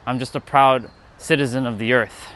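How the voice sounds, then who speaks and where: A man's voice: mid-range voice, steady tone, moderate pace, fairly bright tone. A man with a Canadian accent hosting a livestream outdoors on his phone, rambling and thinking aloud as he walks down a city street. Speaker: livestream host. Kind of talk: walking livestream chat.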